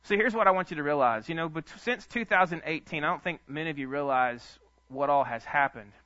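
A male pastor, telling stories in a sermon with an animated, chuckling manner. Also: fairly high pitch, brisk, no echo. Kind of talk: storytelling sermon. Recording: dull lo-fi dry sound.

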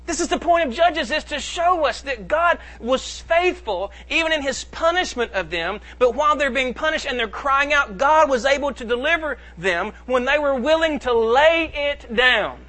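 A man pastor preaching a sermon, reading scripture and addressing the congregation with emphatic swings in loudness. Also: extremely high pitch, normal speed. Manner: preaching with emphatic rises and drops in volume.

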